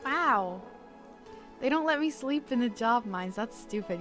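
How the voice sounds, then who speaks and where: A playful woman chats with her stream audience between bits of gameplay, giggling and greeting viewers by name. Her voice sits a touch higher than most. Soft music plays faintly underneath. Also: lively intonation, measured pace. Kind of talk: casual live-stream chat while gaming.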